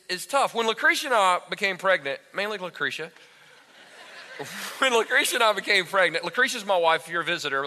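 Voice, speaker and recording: Pastor guy preaching on stage, bright forceful voice, big echoey hall. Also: high voice. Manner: animated, talks straight to the congregation. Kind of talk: sermon. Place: church stage before a congregation. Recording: echoey hall with long reverb.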